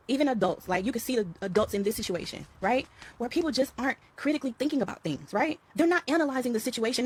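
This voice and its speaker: A middle-aged woman, talking in a casual spiritual vlog, emphatic and repetitive, calling her viewers y'all. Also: high-pitched. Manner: emphatic, repeats phrases, addresses viewers as y'all and child. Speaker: vlogger talking to her followers.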